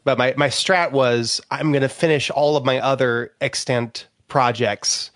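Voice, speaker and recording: A man co-hosting a podcast in casual chat, relaxed and self-deprecating, with casual swearing. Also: mid-range voice, a little slow, no echo, clean studio sound. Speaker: podcast co-host.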